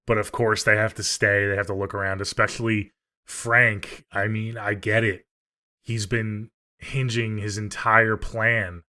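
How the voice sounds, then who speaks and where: Man, podcast host, fairly low voice, relaxed casual recap. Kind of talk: casual film review chat.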